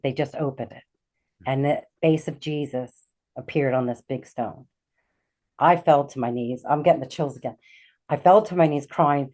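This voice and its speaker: A middle-aged woman, a guest on a talk show, telling a personal story with animated energy and acting out the lines of the people in it. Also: low-pitched. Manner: animated, acts out quoted dialogue. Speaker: guest, intuitive healer.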